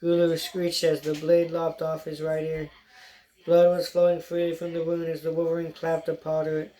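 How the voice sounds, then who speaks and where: Narrator reading a storybook, kinda monotone, dark mellow voice, stumbles a bit. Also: mid-range voice, moderate pace, low-quality recording. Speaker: audiobook narrator.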